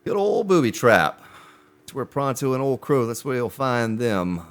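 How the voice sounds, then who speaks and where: A man streaming a survival game live, chatting with his viewers as he plays. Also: normal speed. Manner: animated, pitch jumps on exclamations. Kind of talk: live gameplay commentary.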